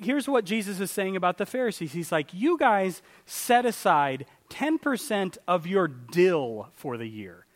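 Man in a church sanctuary, preaching with lively pitch, big swings between loud and quiet. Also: long reverb tail. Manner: animated, swings from loud exclamations to quiet asides. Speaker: pastor. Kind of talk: sermon.

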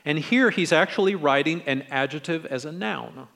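Friendly, slightly high-voiced middle-aged preacher. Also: male voice, moderate pace, creaky, big-room sound. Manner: relaxed, friendly, acts out quoted lines in different tones. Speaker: pastor. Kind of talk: conversational sermon.

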